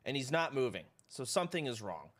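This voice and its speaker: This live streamer speaks at a medium pitch and a slightly fast pace. His story to the chat wanders and is full of profanity, delivered casually and with animation.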